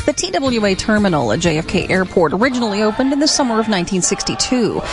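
A woman reads a scripted radio news feature at a middle pitch, with a music bed clearly under her. Her delivery is polished and even. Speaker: news reporter.

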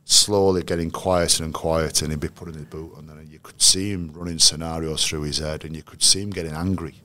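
A man with a very low, deep voice recalls his players in an unhurried interview. He speaks as a coach, measured and anecdotal, often restarting his sentences as he thinks. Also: steady tone, bright, forceful tone. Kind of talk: interview storytelling.

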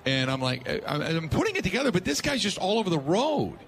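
Animated male talk radio host. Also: sits high, quick pace, a little hiss or hum. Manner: animated, laughing storyteller acting out quotes. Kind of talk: sports talk radio storytelling.

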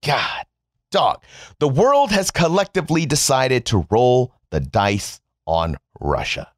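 Sarcastic man ranting with swings of pitch. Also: very animated, slow, no room sound, studio quality. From United States. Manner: sarcastic, mocking, profane. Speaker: political commentator. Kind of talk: sarcastic opinion monologue.

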